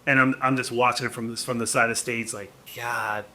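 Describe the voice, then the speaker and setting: Male podcast guest, forties, animated storyteller; bright, forceful tone. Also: mid-range voice, quick pace. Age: 40s. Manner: animated, acts out quotes, many restarts. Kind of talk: casual storytelling.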